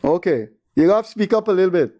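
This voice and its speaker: An older man with a Guyanese accent hosts a call-in radio show, offering exasperated, rambling commentary. His voice is high-pitched, expressive, and dark in tone, and he talks fast.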